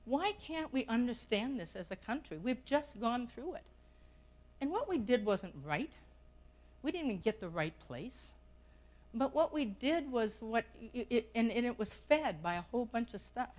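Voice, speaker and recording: A middle-aged woman delivers an impassioned plenary talk in a conference hall, pressing her audience with urgent questions. Her voice is a little high and a little mellow, with big pitch swings at normal speed, though the audio is poor.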